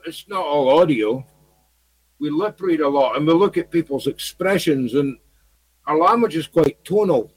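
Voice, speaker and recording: A Scottish man vlogs to his viewers in a slightly high voice, captured in a dry, low-quality recording. His casual monologue to camera rambles, repeats itself, and is packed with fillers.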